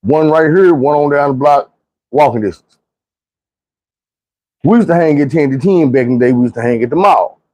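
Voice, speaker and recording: A man's voice: a little high, moderate pace, pauses often, warm tone, no room sound. A man, casually telling a profane, slangy story and acting out the quotes himself. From Arkansas, US. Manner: profane, laid-back, slangy, acts out quotes.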